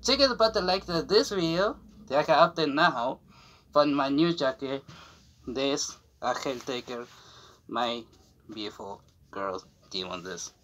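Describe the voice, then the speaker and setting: A young man vlogging in halting, broken English as he shows off a new jacket, rambling with fillers, restarts and giggles. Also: mid-range voice, lively intonation, a bit bright. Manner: non-native English with broken grammar. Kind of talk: casual unboxing chat to camera.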